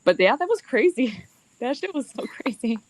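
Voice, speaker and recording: A young woman hosting a casual chat, blunt and quick to laugh, swearing freely as she talks. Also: a little high, sing-song, a little mellow, dry recording. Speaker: podcast host.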